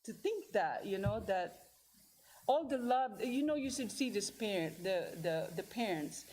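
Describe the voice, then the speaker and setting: A woman's voice: mid-range voice, a little slow, poor audio. Rambling woman giving a church testimony. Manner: rambling, with restarts and animated quoted asides. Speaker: church member sharing a mission trip story. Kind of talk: informal testimony to a congregation. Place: church hall.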